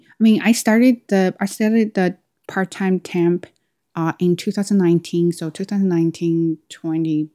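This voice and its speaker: A young woman hosts a podcast, casually recounting a personal story. Her voice sits a little low and sounds soft and mellow. She often breaks off and restarts her phrases as she talks. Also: fairly even intonation, measured pace. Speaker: podcast host.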